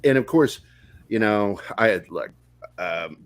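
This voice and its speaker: A man's voice: fairly low pitch, lively intonation, slow pace. A man speaking as a guest on a casual panel discussion, easygoing and casual, with the odd swear word.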